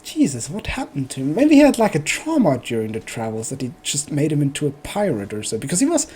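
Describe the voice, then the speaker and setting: Mellow-voiced male game streamer. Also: on the high side, huge pitch swings, fast, husky. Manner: joking, thinks aloud while playing. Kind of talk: casual let's play commentary.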